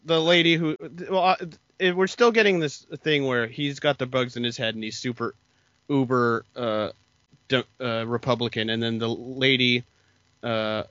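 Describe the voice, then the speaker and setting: Podcast co-host man, bright voice, plot explainer, dull dry lo-fi audio. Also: mid-range voice, fairly even intonation, moderate pace, no room sound. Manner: explanatory, retells scenes with quoted lines. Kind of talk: casual chat recapping a TV episode.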